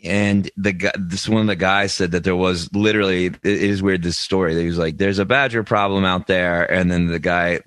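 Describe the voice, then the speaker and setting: A man's voice: sits low, fairly even intonation, fairly quick, few pauses, a bit bright, clear, resonant tone, no echo. A man co-hosting a comedy podcast, riffing jokily and often slipping into silly voices. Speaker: podcast co-host. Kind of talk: comedic banter.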